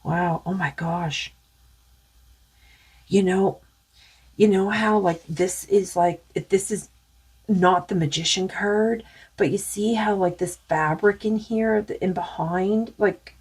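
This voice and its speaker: A woman's voice: medium pitch, steady tone, slow pace, a little mellow, breathy edge. A woman doing a spiritual tarot card reading in a rambling, musing way with many fillers, saying she is losing her voice.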